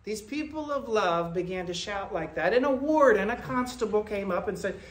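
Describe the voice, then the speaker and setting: A man delivering a Quaker sermon in a storytelling manner, moving between loud bursts and soft, low asides. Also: animated, normal speed. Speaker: speaker at a Quaker meeting.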